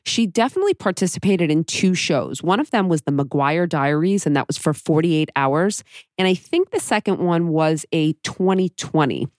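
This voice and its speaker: A woman hosting a podcast, explaining things in a measured way. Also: lowish voice, expressive, a little mellow, dry recording, studio quality. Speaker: podcast host. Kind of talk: podcast narration and discussion.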